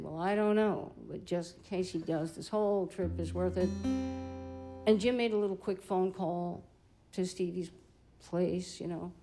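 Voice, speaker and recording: On a live-stream stage, an older blues singer and guitarist tells a chatty, lively story between songs, laughing readily. Her voice is on the low side, and the recording quality is low.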